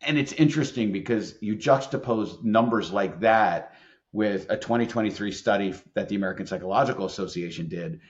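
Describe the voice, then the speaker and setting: A middle-aged man with a fairly low voice speaks as a podcast guest, earnest and emphatic as he tells stories. The sound is dull and a little lo-fi. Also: brisk. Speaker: employment attorney and leadership expert guest. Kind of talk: conversational podcast interview.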